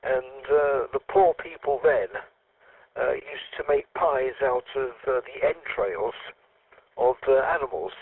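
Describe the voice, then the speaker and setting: Uk guy calling into a ham radio net, slow and gravelly, chuckles a lot, tinny phone-line sound. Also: medium pitch. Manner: storytelling, chuckling often, many fillers. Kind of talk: casual ham radio chat.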